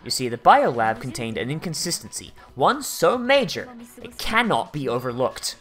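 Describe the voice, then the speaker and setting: A calm young female detective in a game, laying out her reasoning in a low, steady, unhurried voice, read aloud by a let's-play narrator. The tone is bright and clear, over faint game music. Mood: cool.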